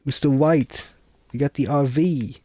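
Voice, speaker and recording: A man's voice: mid-range voice, unhurried, dark tone, no echo, voice pushed up, close to an everyday voice. A man voicing a jittery, confused young male sidekick in a raised voice.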